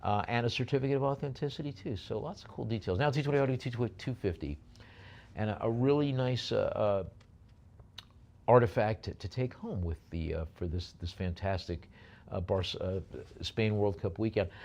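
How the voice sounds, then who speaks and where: A man's voice: mid-range voice, expressive, moderate pace. A man working as an auctioneer, calling out bids at a live auction and slipping in jokey asides between lots.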